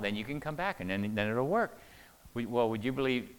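A man's voice: mid-range voice, animated, fairly quick, clear, resonant tone. An older man giving a conversational church teaching on marriage, often repeating words and asking the audience questions. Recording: long hall reverb.

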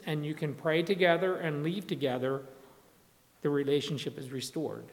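A man's voice: fairly high pitch, normal speed. A man preaching a sermon in a conversational way, often restarting and acting out quotes. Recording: long hall reverb.

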